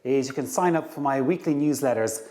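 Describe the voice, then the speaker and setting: Animated man telling a business story. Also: mid-range voice, a little fast. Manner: lively storyteller, acts out dialogue. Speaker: career coach. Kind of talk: storytelling to camera.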